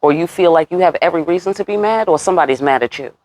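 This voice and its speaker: A woman giving a casual tarot reading. She talks straight to the viewer with a lot of attitude and cursing, and jumps up in pitch on her rhetorical questions. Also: very fast, a little mellow. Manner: sassy, talks straight to viewers, curses freely. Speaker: tarot reader.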